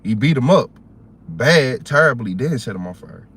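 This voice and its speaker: A man with a Southern US accent hosting a livestream, chatting casually in a rambling, animated, slangy way. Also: mid-range voice, normal speed, husky. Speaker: livestream host.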